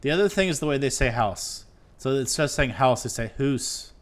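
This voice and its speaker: A man's voice: medium pitch, lively intonation, a little fast. A man from Minnesota chatting on a stream, joking and playful. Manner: joking, playful, slips into silly voices. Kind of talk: casual chat.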